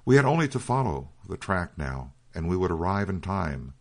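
A man reading a war memoir aloud in a measured storytelling delivery. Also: low-pitched, big pitch swings. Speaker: narrator. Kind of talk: audiobook narration.

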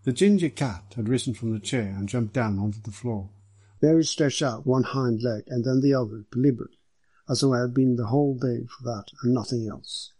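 A man narrating an audiobook in a measured, even reading. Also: mid-range voice, husky, no echo.

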